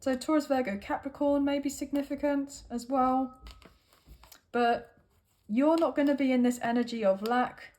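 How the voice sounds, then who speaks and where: A woman's voice: a little high, a little mellow. A woman tarot reader giving a casual, rambling reading with lots of fillers and "right?" tags.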